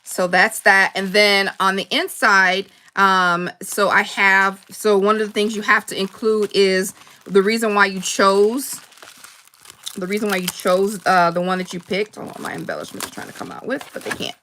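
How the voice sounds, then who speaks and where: A woman hosting a casual live crafting chat, rambling warmly between laughs and answering viewer comments. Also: medium pitch. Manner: chatty and rambling, laughs often, quick asides. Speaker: crafting channel host.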